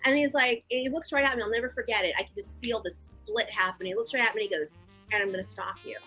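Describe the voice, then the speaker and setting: A woman guest and victim advocate, telling her story in a frank, animated, conversational interview. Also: a little high, fast talker, slightly rough, faint music behind, rough recording.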